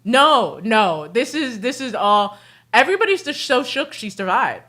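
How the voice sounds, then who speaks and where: A young adult woman hosting a livestream, telling family stories in a casual, animated way and laughing often mid-sentence. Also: fairly high pitch, measured pace. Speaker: livestream host. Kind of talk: casual storytelling chat.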